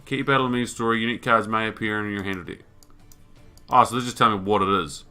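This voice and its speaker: Male let's player, bright tone, casual and profane, reading game prompts aloud. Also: lowish voice, fairly even intonation, quick pace, soft background music. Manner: thinks aloud, swears, reads on-screen text. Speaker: gaming YouTuber. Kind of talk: let's play commentary.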